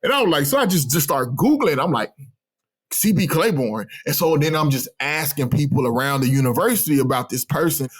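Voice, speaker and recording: Animated man telling stories. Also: on the high side, fairly quick, breathy edge. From Texas. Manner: animated, acts out his own remarks and others' lines in quotes. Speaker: guest, postdoctoral researcher. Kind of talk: casual storytelling interview.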